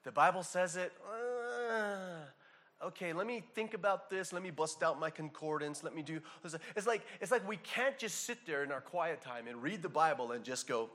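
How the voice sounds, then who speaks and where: A man's voice: on the high side, animated, normal speed, a bit bright. A man preaching a sermon, emphatic, with frequent restarts and acted-out asides. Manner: emphatic, hammers single words. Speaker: pastor.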